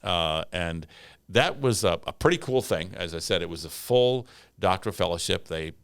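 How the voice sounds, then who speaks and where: A man's voice: deep voice, expressive, normal speed, a bit bright, clear, resonant tone, no room sound. An older man, a retiring pastor, reminiscing in a casual chat, rambling with many repeated words and fillers and chuckling asides. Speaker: retiring pastor, podcast guest.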